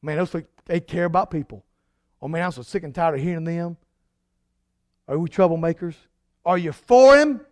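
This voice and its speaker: A man preaching a sermon as pastor, emphatic, swinging from loud declarations to hushed lines. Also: fairly high pitch, normal speed, long pauses, no echo, studio quality.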